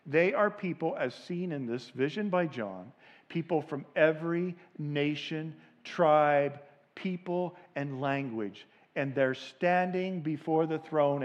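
A man preaching a sermon as pastor, moving from quiet, low asides to loud, shouted peaks and leading the congregation in call and response. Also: muffled recording. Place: church sanctuary.

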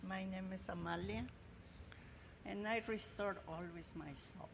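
Slow, careful woman reciting in church. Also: medium pitch, fairly even intonation, gravelly, noisy background. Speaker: congregation member reciting psalm. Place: church sanctuary.

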